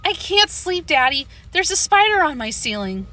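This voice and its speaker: Lady voicing a scared little kid, high and bright, begging and fretting. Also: moderate pace, full character voice. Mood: pleading. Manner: pleading, excitable. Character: scared, pleading young girl.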